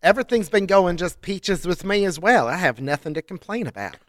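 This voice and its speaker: A man co-hosting a podcast in casual comedic chat, deadpan and playful. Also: sits high, fairly quick, no room sound, studio quality. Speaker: podcast co-host.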